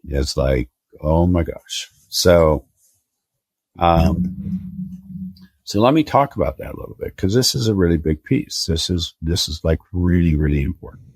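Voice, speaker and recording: An older man with a very deep, husky voice speaks slowly as a therapist explaining child development. His tone is measured and emphatic, and he is recorded close to the mic in a dry studio. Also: animated, darkish tone, no room sound. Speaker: therapist guest. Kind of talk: explanatory interview talk.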